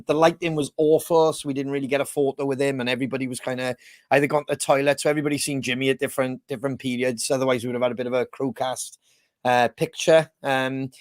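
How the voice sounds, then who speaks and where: A man's voice: medium pitch, dry recording, studio quality. A man co-hosting a podcast, chatting in a rambling, easygoing way with lots of fillers over a video call. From Wales. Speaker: podcast co-host. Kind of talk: casual chat.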